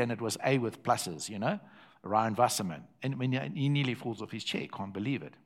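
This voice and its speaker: A man's voice: medium pitch, lively intonation, moderate pace, a bit bright. An older man with a South African accent, preaching a sermon built around a personal story and repeating phrases for effect.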